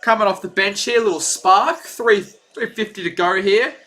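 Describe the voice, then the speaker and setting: A young man from Australia, hosting a casual live play-by-play stream and talking in a chatty, rambling, excitable way. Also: high-pitched, moderate pace. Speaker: livestream play-by-play host.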